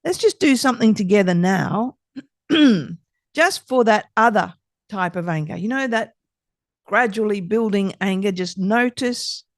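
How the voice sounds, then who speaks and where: Slow, soothing woman guiding breathing. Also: medium pitch, lively intonation, no echo, studio quality. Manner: slow, soothing, gentle instructions. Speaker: podcast host guiding breathing exercises. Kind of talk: calm guided breathing exercise.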